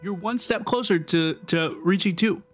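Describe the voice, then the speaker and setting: A man's voice: sits high, normal speed, soft background music. A young man streaming a game, talking casually to his chat in a rambling, repetitive way. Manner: rambling, chatty, repeats himself. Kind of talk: casual live game commentary.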